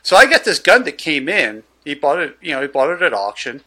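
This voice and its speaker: A man's voice: fairly high pitch, brisk, hardly any pauses. A man, a gun dealer, telling a story in casual chat and acting out the dialogue. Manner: animated, loose storyteller who acts out the dialogue.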